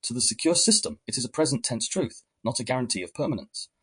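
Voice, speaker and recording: A man hosting a podcast, giving measured, reflective scripted narration. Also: medium pitch, animated, breathy edge. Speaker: podcast host.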